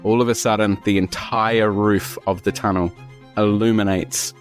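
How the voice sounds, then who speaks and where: Dude running a tabletop game, jokes a lot, music playing behind. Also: male voice, lowish voice, little pitch movement, normal speed. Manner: jokey, laughs often. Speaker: game master.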